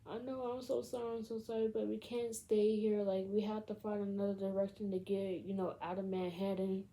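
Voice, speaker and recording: A woman's voice: medium pitch, little pitch movement, a little fast, dark tone, pitched above the performer's own voice, lightly acted, low-quality recording. A woman voicing a young woman who is sorry but insists the group must keep moving. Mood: urgent. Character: urgent young woman pushing the group onward.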